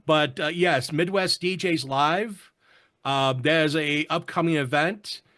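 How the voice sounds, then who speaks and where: A man with a slightly high, sharp-toned voice speaks slowly while hosting an informal online roundtable. He chats easily, greets viewers, and reads comments from the chat aloud.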